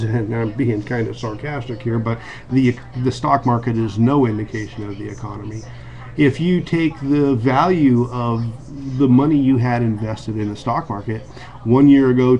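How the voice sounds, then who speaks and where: Earnest American man, casual vlog monologue, mid pitch, halting with restarts. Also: a little mellow. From United States. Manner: earnest, with frequent restarts and ums. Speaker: video blogger.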